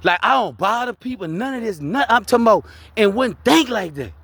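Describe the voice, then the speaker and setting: High-voiced Louisiana man preaching street wisdom. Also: big pitch swings, fairly quick, gravelly, fairly bright tone, dry recording. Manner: preachy street talk, keeps repeating "you heard me?". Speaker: vlogger sharing his life story. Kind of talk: casual motivational talk.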